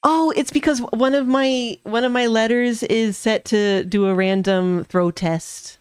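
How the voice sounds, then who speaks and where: Slow-talking playful woman streamer. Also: on the high side, fairly even intonation, clean tone, dry recording. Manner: playful, giggly, jokey asides. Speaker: game streamer. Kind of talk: casual let's play commentary, reading game dialogue aloud. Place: home streaming setup.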